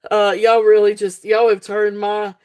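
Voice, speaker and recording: A woman's voice: mid-range voice, little pitch movement, measured pace, darkish tone, smooth. A woman hosting a live jewelry sale stream, giggly and gushing at her viewers, rambling with lots of fillers. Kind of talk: casual live-stream selling chat.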